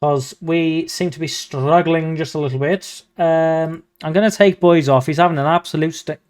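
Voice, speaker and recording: A young man, commentating his own football management game with excitable, mock-commentator energy. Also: fairly high pitch, normal speed. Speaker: gaming video host.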